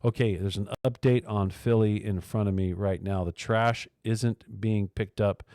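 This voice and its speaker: Lowish california guy hosting a union talk show, chatty and sarcastic, lots of uh and um, dry close sound. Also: steady tone, measured pace, mellow, no room sound. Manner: chatty, sarcastic, many fillers and restarts. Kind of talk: casual radio talk show.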